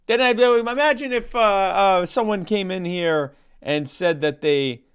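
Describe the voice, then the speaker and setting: A man's voice: high-pitched, measured pace, smooth. A man co-hosting a podcast, telling a long stammering joke and reading an ad in a rambling comic way. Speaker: podcast co-host. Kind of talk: comedic bit and ad read.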